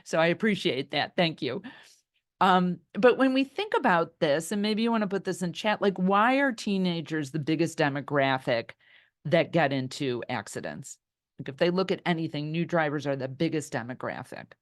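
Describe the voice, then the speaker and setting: A woman's voice: low-pitched, moderate pace. A middle-aged woman leading an online workshop over a video call. She tells stories and talks chattily, reacting to the chat as she goes. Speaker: workshop leader. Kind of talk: storytelling talk in an online workshop.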